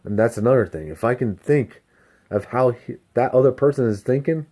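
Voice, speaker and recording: A delivery driver talking casually to camera, candid and self-reflective, rambling and swearing freely. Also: male voice, medium pitch, animated, normal speed, mellow. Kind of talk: casual self-help vlog monologue.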